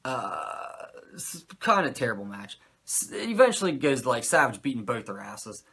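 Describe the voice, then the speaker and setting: A man hosting a podcast, recapping a show in animated, profane, sarcastic casual chat. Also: mid-range voice, normal speed, husky. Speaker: podcast host recapping wrestling.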